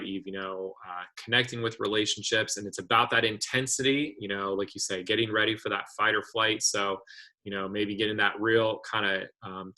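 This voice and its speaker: A man leads an online community discussion with a low voice that still sounds crisp and forceful. He speaks thoughtfully, pausing on fillers and restarting phrases. He is heard through a video call. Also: low-quality recording. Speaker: webinar host.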